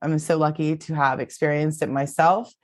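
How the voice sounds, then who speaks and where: A woman's voice: low-pitched, steady tone, normal speed, a little mellow, no echo, studio quality. A woman co-hosting a podcast, talking in an effusive, affirming way about love and inspiration. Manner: effusive, affirming, laughs often. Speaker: co-host. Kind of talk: casual podcast chat.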